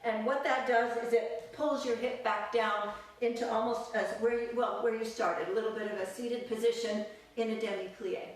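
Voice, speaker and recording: Music plays as a woman leads a live belly dance class, calling out counts and cueing every move in an encouraging, upbeat way. Her fairly high voice has fairly even intonation and a moderate pace with few pauses, recorded from a distance in a very echoey room.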